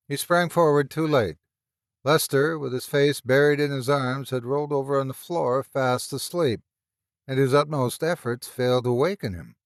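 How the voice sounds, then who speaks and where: A man narrating a classic horror story in an expressive, dramatic storytelling manner. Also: medium pitch, moderate pace, smooth, no room sound, clean studio sound.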